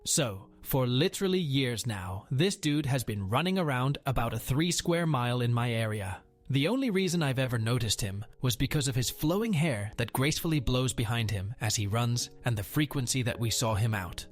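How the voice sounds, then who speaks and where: A man's voice: medium pitch, expressive, normal speed, faint music behind. A man narrating a Reddit post aloud in a wry, sardonic manner.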